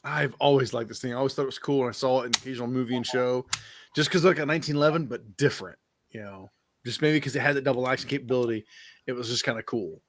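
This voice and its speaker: A man's voice: medium pitch, fast, a little hiss or hum. A man hosting a podcast, telling a long rambling story in casual chat, laughing easily and swearing now and then. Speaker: podcast host.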